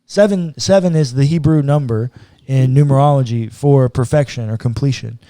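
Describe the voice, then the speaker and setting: On a podcast, a man who pastors works through scripture casually and earnestly, sometimes acting out quotes from God. He has a warm, mid-range voice at a moderate pace, captured as clean studio sound with no room noise.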